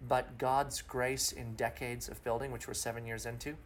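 Middle-aged pastor telling a story. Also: male voice, medium pitch, little pitch movement, moderate pace, a little hiss or hum. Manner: vivid storyteller with long extended metaphors. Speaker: pastor, interview guest. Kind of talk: podcast interview storytelling.

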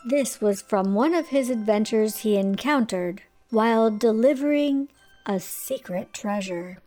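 Slow, gentle woman hosting story hour. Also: on the high side, soft background music. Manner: gentle, cozy address to children. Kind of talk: bedtime story hour introduction.

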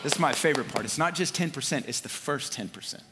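A man preaching a sermon in a relaxed, conversational way, with slang and filler words. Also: on the high side, quick pace. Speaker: pastor. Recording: long hall reverb.

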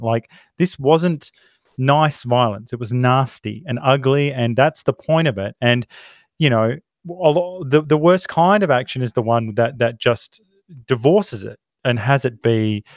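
Podcast co-host, male, animated, casual and profane, dry close sound. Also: medium pitch, no room sound. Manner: animated, swears freely, acts out quotes. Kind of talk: casual film discussion.

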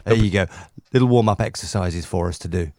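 A man's voice: sits low, brisk, a little mellow, no room sound, studio quality. A man co-hosting a casual radio-station podcast, chatting and joking, often slipping into a put-on Irish voice. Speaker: podcast co-host. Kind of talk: casual chat.

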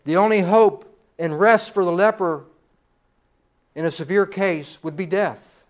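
High-voiced man preaching a sermon. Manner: preaching with rising emphasis and trailing pauses. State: slightly hoarse. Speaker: pastor.

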